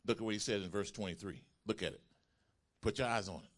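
A male pastor delivering a sermon to a congregation. He swings from calm explaining to loud, emphatic call-and-response preaching and often repeats and restarts his phrases. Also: on the low side, fast. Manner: builds from quiet teaching to loud, emphatic preaching with call-outs.

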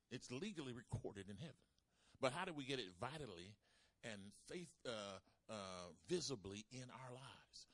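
A man preaching a sermon, calling out to the congregation and swinging between loud emphasis and soft asides. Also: mid-range voice, no room sound. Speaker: pastor.

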